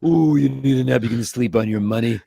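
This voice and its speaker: A cheeky male puppet sidekick, put on by a man, teasing in a sing-song, needling voice. His pitch rides a little higher than the performer's usual and sounds set back from the mic. The tone stays dry and close-sounding. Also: a little fast, gravelly, mellow, no echo. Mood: mocking.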